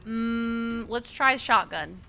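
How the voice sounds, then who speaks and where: A woman with a bright, sharp voice pitched a bit high, streaming a game and chatting casually with her viewers. She greets people warmly by name and curses openly when a fight goes badly. Soft game music plays underneath. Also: slow, vocal fry. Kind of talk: casual gameplay commentary.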